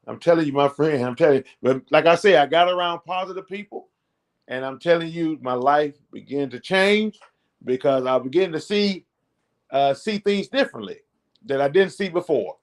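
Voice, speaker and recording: Middle-aged guy hyping people up, preachy motivational talk, voice sits a bit high. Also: animated, normal speed. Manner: preachy, repetitive, fired-up encouragement. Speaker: network marketing channel host.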